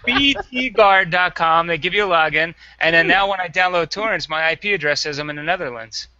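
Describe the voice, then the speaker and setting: A man's voice: on the high side, brisk, highs cut off, background noise. A man co-hosting a podcast, teasing and wry in casual banter. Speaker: podcast co-host.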